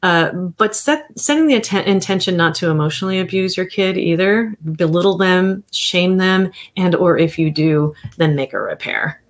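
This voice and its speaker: A woman's voice: on the low side, normal speed, hardly any pauses. Rambling woman therapist in her fifties. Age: 50s. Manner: rambling, self-correcting, chuckling. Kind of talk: casual livestream chat.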